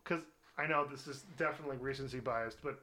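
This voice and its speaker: A man's voice: medium pitch, fast talker, sharp tone. A man co-hosting a podcast in casual chat, teasing and wry. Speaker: podcast co-host.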